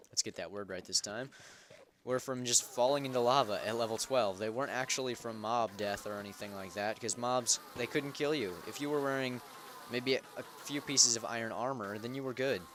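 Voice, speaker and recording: A man's voice: medium pitch, a bit bright, a little hiss or hum. A young man hosting a game server, giving casual gameplay commentary in a rambling, self-correcting way. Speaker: Minecraft server host.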